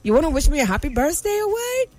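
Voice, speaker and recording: A woman hosting a live morning radio show in a studio, exuberant and often shouting and laughing between her words. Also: high-pitched, sing-song, fast talker, soft background music. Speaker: radio host.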